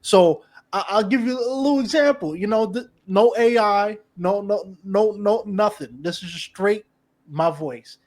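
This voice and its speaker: A man's voice: high-pitched, a little slow, darkish tone. A man hosting a podcast, chatting casually and animatedly with his guest, often restarting his sentences. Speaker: podcast host. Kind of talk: casual interview chat.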